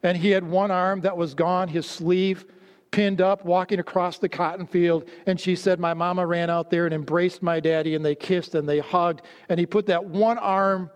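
A man preaching a sermon, telling stories and dropping low and slow to stress his points. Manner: storytelling, drops low and slow for emphasis. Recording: long hall reverb.

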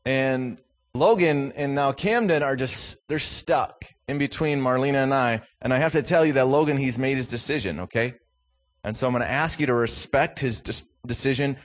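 A man from Minnesota preaches as a guest speaker in a church, moving between wry, self-deprecating family stories and fervent appeals. He sounds like a man in his thirties or forties, speaking at a steady, middle pitch. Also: normal speed. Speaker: guest speaker from a youth ministry.

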